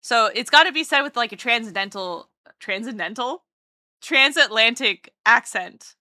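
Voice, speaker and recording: A woman's voice: fairly high pitch, animated, a little fast, bright, forceful tone, no room sound, clean studio sound. A woman streamer chatting casually and playfully with her chat while drawing, rambling from one thought to the next. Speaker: streamer and artist.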